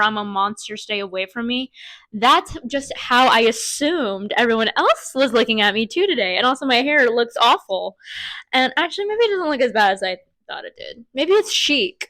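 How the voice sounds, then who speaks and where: A woman with a slightly high voice chats her way through a casual vlog. She swears freely and scatters filler words through her talk. The sound is dry and close. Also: a bit bright, no room sound, poor audio. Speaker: vlogger.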